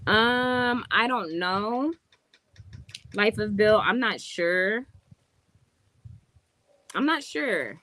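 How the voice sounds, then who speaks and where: Slow-talking woman vlogging on her phone. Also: medium pitch, expressive, pushed and bright, dry recording. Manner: chatty, addresses viewers, drops into slangy speech. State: out of breath from climbing stairs. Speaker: vlogger touring a rental villa. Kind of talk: casual live-stream chat.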